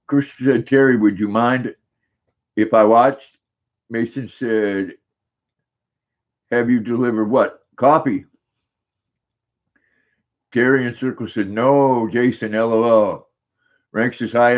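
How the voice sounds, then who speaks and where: An older man hosts a casual livestream in an easygoing way, reading viewers' comments aloud and greeting each person by name. His voice is mid-range, and the recording has the high frequencies cut off.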